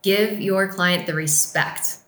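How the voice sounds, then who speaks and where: A woman's voice: medium pitch, slow, a bit bright, echoey room. A woman co-hosting a casual business podcast, speaking earnestly and with emphasis about client care. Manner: earnest, emphatic, lightly laughing. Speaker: podcast co-host and business team member.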